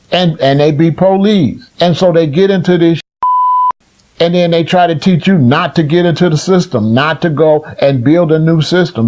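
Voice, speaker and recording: A man, a community elder delivering a blunt, profane, lecturing rant full of repeated rhetorical questions. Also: on the high side. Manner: repetitive rhetorical questions, rising to near-shouts. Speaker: community elder speaking on a livestream. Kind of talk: impassioned preaching rant.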